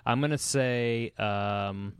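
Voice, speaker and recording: Smooth-voiced young man, laid-back podcast banter. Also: medium pitch, slow, dry recording, studio quality. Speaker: podcast co-host. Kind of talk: casual chat.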